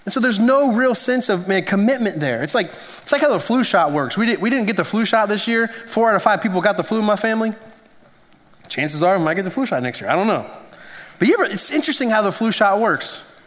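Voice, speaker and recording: A man preaching a conversational sermon, telling stories with animated restarts and asides. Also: high voice, fairly quick. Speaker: pastor. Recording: echoey hall reverb.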